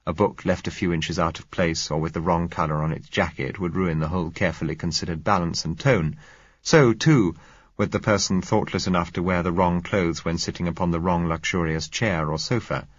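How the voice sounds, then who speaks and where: Deep husky man narrating a story. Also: fairly even intonation, dry recording, lo-fi sound. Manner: measured, dry, wry. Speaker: audiobook narrator. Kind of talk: scripted narration.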